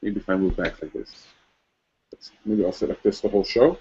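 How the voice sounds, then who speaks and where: A man's voice: fairly low pitch, fairly quick, mellow, husky. A male host chatting casually and rambling with lots of fillers while setting up a live online show. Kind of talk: casual livestream chat. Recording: dull lo-fi stream audio.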